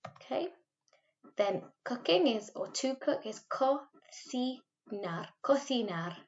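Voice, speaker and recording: A woman's voice: fairly high pitch, animated, dull audio. Patient Welsh woman teaching Spanish. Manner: patient, modelling words slowly for repetition. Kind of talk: recorded remote language lesson.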